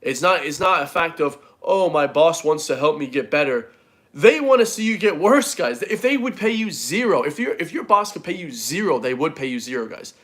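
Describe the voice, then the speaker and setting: The fitness vlogger's slightly high, bright voice is very animated, a little fast, and hardly stops for breath. He rants casually to his viewers to motivate them, speaking bluntly, swearing plenty, and repeatedly throwing in "guys" and "bro."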